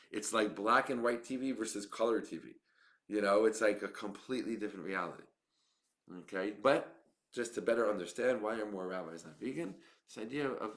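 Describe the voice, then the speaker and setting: A man's voice: mid-range voice, fairly bright tone. A man speaking as a rabbi in a teaching monologue, often restarting phrases and tagging lines with "right?" and "okay?".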